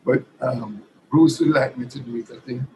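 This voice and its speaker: A man's voice: mid-range voice, normal speed, slight background noise, poor audio. A man from Jamaica, a musician guest talking hesitantly with many fillers between songs. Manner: soft-spoken, hesitant speech with many fillers. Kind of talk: casual chat and singing with guitar. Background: acoustic guitar.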